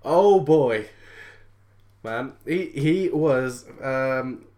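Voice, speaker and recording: A woman's voice: very deep voice, expressive, extremely slow, mellow. A British woman in casual chat, telling an exasperated shop-work story with frequent laughter. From Britain.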